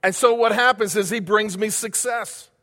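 A man's voice: high-pitched, steady tone, moderate pace, bright, forceful tone, long reverb tail. A male pastor delivering a sermon, building emphasis with repeated phrases and questions to the congregation.

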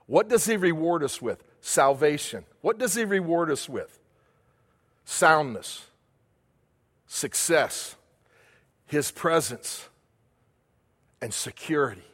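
Male preacher with a high voice, repeating phrases for emphasis, heard in a reverberant church hall. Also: fairly bright tone. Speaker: pastor. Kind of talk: sermon.

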